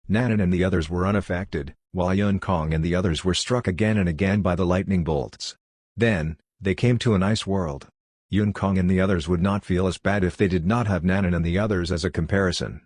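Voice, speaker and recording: A low-voiced, slightly mellow man narrates an audiobook from a script. The recording is dry, with clean studio sound.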